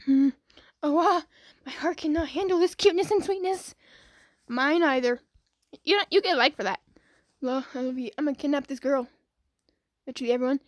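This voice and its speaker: A woman casually reading comments aloud as a video creator, giggly and excitable, laughing often between lines. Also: high voice, a little fast, long pauses, dry recording, clean studio sound.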